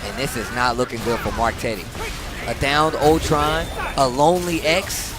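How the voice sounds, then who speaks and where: A man's voice: mid-range voice, fairly even intonation, normal speed, over music. A man co-commentating a live fighting game tournament, laid-back and teasing. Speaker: esports co-commentator.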